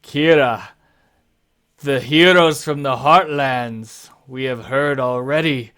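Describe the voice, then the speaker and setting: A huge, smiling, bearded farmer, given voice by a male game master booms his welcome in a high, hearty shout. The tone stays smooth and resonant. He talks at an unhurried pace. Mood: proud host.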